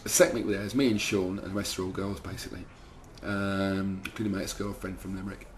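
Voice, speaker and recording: A man's voice: sits low, level tone, fast, a little hiss or hum. Swearing man telling stories. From London, second generation Irish. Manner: swearing, rambling anecdotes with lots of fillers. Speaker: band member. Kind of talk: casual interview storytelling.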